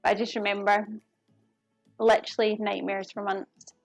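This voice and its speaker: A woman's voice: medium pitch, little pitch movement, moderate pace, dry recording, faint music behind. A woman chatting casually with her viewers as she cooks on a live stream. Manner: chatty, talks to viewers while cooking. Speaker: cooking streamer. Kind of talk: casual live cooking chat. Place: home kitchen.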